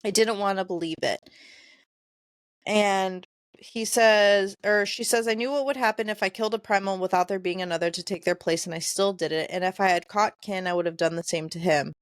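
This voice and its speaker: A woman on a podcast, reading quoted lines from a novel in a plain, conversational voice and stumbling now and then over hard names. Her voice sits at a middle pitch. The sound is dry and close. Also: fairly quick, no room sound. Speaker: podcast co-host. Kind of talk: casual book discussion, reading passages aloud.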